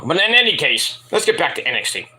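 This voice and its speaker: A man's voice: on the high side, very animated, fast, bright, forceful tone. A man hosting a review show, telling a rambling, self-deprecating story and swearing freely as he acts out quotes. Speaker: wrestling review show host. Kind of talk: casual rambling monologue.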